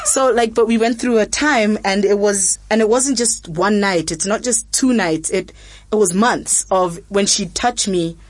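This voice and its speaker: A woman's voice: medium pitch, measured pace, no room sound. A young woman, hosting a frank, casual chat full of fillers and quoted asides. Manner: frank, chatty, many fillers, animated quotes. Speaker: podcast host.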